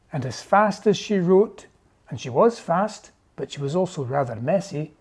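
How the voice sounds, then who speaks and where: Casting: unhurried storybook reader, dark and mellow tone. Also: medium pitch. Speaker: narrator. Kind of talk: storybook reading.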